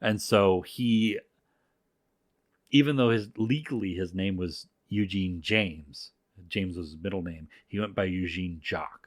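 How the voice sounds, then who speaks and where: A man co-hosting a podcast, telling a story in casual, profane, animated talk. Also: sits low, unhurried, no echo, clean studio sound. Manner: animated, profane, full of restarts.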